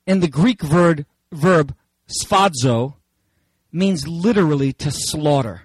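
A man preaching a sermon in an animated, dramatic way with playful asides. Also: fairly high pitch, takes it slowly, slightly rough, no room sound, low-quality recording.

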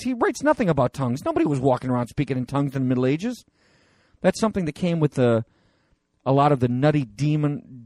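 A man with a fairly high voice preaches in a loose, conversational way, wandering into asides and stumbling over restarts and fillers. The sound is dry and close, with no room around it. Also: no echo. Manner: animated and digressive, with many fillers and restarts. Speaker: pastor. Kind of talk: conversational sermon.

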